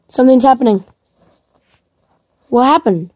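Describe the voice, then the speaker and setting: A woman giving casual commentary to herself while playing a game, excitable and chatty. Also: a little high, a little slow, dry recording, studio quality. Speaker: gamer streaming gameplay. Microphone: device mic while playing on a tablet.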